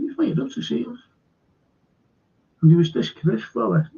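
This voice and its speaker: A man rambles through a story for his live-stream audience, pausing and doubling back on his words. His voice is dark and husky with a gravelly rasp and sits fairly high for a man. The sound is dull and lo-fi, like basic stream audio. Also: animated. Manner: halting, meandering, repeats words for emphasis. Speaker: host of a live-streamed current affairs show. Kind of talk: casual rambling storytelling to viewers.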